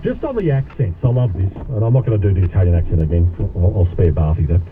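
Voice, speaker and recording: A man's voice: low-pitched, animated, fast. A man hosting talk radio, casual and matey, chatting with callers. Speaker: radio host. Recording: tinny radio broadcast with faint noise.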